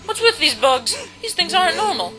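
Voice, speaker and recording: A man's voice: very high-pitched, big pitch swings, brisk, voice pushed up. A woman voicing a jittery male villager who fusses over creepy bugs. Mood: squeamish. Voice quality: squeamish, fussing. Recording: loud game music behind.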